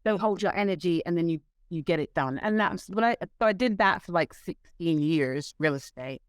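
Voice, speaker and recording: A woman interview guest telling stories in a lively way, acting out quoted voices. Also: lowish voice, normal speed, dry recording. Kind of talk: storytelling in conversation.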